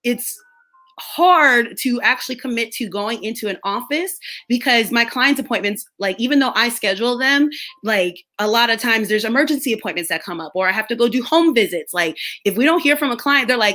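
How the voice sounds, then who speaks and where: A woman's voice: on the high side, animated, fairly quick, pushed and bright. A young woman hosting a casual live stream, chatting loosely with viewers, laughing often and drifting between topics.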